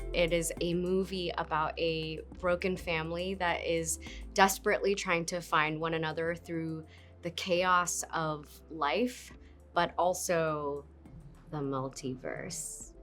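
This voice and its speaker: A woman in her thirties, an actress, talking casually and playfully in an interview, with giggles and quick asides. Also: sits low, steady tone, fairly bright tone. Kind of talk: casual interview talk to camera. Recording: faint music behind.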